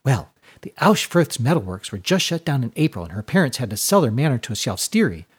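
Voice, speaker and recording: A man voicing a small, chatty young girl with a high, breathy voice who prattles on. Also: very animated. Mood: gossiping. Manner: prattling, rapid gossip.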